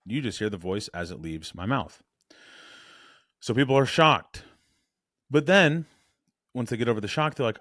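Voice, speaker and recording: A man coaching on voice and presence in a blunt, animated, casual way, correcting himself as he goes. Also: lowish voice, no room sound, clean studio sound.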